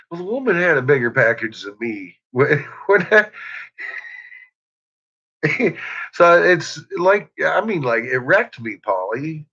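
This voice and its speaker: Giggly husky man, slow drawl. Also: fairly high pitch, sing-song, pushed and bright. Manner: giggly, profane, keeps breaking into laughter. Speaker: podcast host. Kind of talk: casual chat. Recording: dull lo-fi recording.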